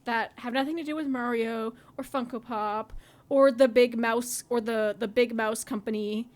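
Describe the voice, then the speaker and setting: A woman's voice: a little high, fairly even intonation, normal speed. A woman co-hosting a podcast in casual chat, sarcastic and full of "like" fillers. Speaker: podcast co-host.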